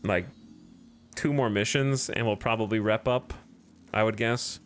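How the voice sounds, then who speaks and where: A man's voice: fairly low pitch, unhurried, soft background music. Exasperated streamer man talking to himself. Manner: exasperated, sarcastic self-talk. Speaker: video game streamer. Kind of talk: casual gameplay commentary.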